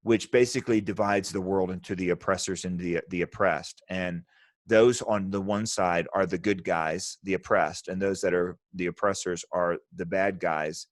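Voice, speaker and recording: A man's voice: sits low, fairly even intonation, normal speed, no room sound, studio quality. A man hosting a podcast discussion, emphatic and thinking aloud as he talks. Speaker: podcast host. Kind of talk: casual discussion.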